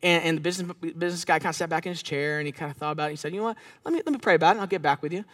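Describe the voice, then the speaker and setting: A man's voice: on the high side, racing, no room sound. A man preaching a conversational sermon, telling stories and asking the congregation questions. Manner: conversational, animated storytelling with audience interaction. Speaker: pastor. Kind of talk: sermon with storytelling. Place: church service.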